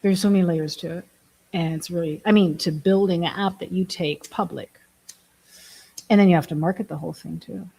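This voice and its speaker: A woman's voice: on the low side, fairly even intonation, brisk, gravelly, mellow, slightly rough, poor audio. A woman from Germany chatting casually to camera, laughing often and making fun of herself. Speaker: vlogger, app builder.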